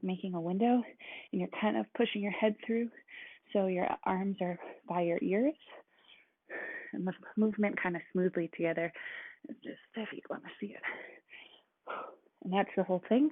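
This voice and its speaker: A woman's voice: medium pitch, no echo. Chatty woman coaching a workout, tinny sound. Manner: relaxed, chatty, with frequent fillers. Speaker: fitness instructor. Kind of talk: casual workout instruction. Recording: tinny, dry, phone-like sound.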